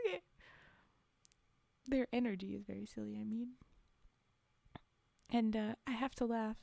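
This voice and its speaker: A woman's voice: fairly high pitch, steady tone, unhurried, creaky, long pauses, dark tone, no room sound. A woman streamer reading a story aloud and reacting with playful, giggly asides.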